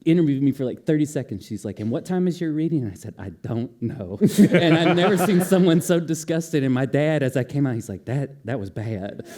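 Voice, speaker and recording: A man's voice: a little high, expressive, fairly quick, few pauses, dark tone. A man on an author panel telling a self-deprecating story about a book tour, with wry humor. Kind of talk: anecdote telling at a live event.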